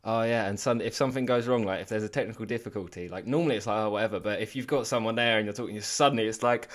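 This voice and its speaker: A man's voice: lowish voice, racing. Chatty laughing male podcast host. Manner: warm, laughs often, trails off mid-sentence. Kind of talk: casual interview.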